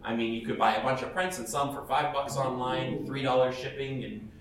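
At a panel, a male professional cosplayer delivers chatty, blunt advice to the audience in a brisk, mid-range voice, often laughing and restarting sentences. A crowd sounds in the background, and his voice comes from far off in an echoey hall with faint ambience.

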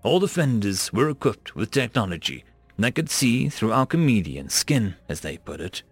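A man reading science-fiction stories aloud as a narrator, with an expressive delivery. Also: lowish voice, gravelly, breathy edge, no echo. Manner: expressive reading that rises and falls. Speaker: story narrator.

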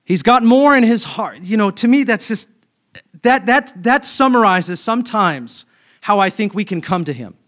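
Middle-aged man, pastor, higher-pitched voice, preaching a sermon that swells from quiet reflection into passion. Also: lively intonation, normal speed. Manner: builds from quiet reflective reading to loud, high, impassioned preaching.

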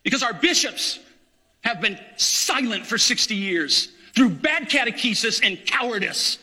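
A man's voice: very high-pitched, lively intonation, a little slow, bright, forceful tone. A man, a parish priest, preaching an impassioned, indignant sermon in a church.

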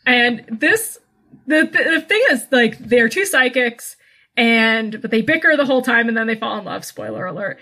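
A woman in her thirties co-hosts a casual podcast, teasing and wry and quick to laugh. Her voice is bright and a little high. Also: animated. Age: 30s. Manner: wry, teasing, laughs often, some swearing. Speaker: podcast co-host. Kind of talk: casual chat.

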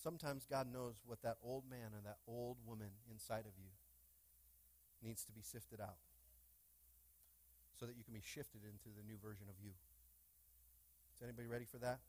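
A man's voice: medium pitch, fairly even intonation, fairly quick, long pauses, dry recording. A male pastor preaching a sermon in a church, with call-and-response questions to the congregation and fervent bursts. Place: church sanctuary.

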